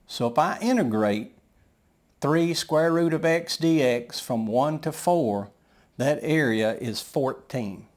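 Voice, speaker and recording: A man's voice: a little high, expressive, slow pace, darkish tone. A man teaching a math lesson, talking patiently through each step of his working aloud.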